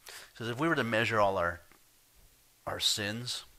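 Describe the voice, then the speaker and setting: A male pastor preaching a sermon with a lower-pitched, forceful, tense edge to his voice. He swings from hushed, confiding asides to loud emphatic peaks. He talks to his congregation conversationally, pressing each point home. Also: animated, normal speed.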